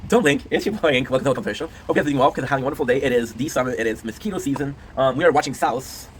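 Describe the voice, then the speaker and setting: Young male streamer, rapid casual rambling, faint noise behind. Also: medium pitch. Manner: rambling, repeats phrases and restarts, swears casually. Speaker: gaming YouTuber host. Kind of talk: casual rambling talk to camera.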